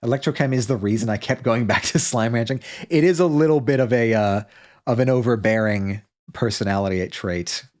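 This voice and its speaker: Speaking briskly in a medium-pitched, darkish voice, a man chats loosely on a livestream. His talk wanders, full of fillers, restarts, and self-interruptions.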